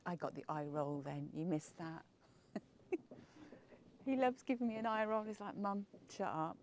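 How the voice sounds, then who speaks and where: A woman's voice: fairly low pitch, lively intonation, normal speed, a little mellow. An English woman narrating a casual outdoor vlog from her wheelchair, chatty, often dropping to a murmur. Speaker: vlogger touring in a wheelchair. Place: outdoors on a quiet clifftop. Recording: noisy outdoor camera audio.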